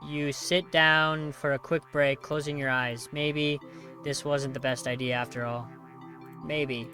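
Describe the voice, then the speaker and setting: The voice is medium-pitched, pushed and bright, with fairly even intonation and a measured pace, set against soft background music. It belongs to a video game player reading a text horror game aloud, who sarcastically skims with "blah, blah" and responds to the choices with mock outrage.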